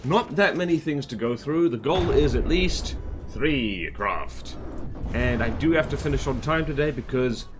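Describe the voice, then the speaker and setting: A man's voice: medium pitch, lively intonation, a little slow, background noise. An Australian man chatting playfully on a live stream, teasing himself and humming as he works. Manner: playful, self-mocking, chatty, hums to himself. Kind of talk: casual live-stream chat while working.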